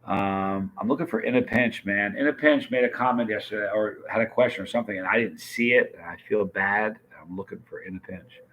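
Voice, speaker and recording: A man's voice: on the low side, a little fast, few pauses, a bit bright, slight background noise. A man hosting a live stream, chatting casually and greeting viewers by name as he reads their comments. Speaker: livestream host.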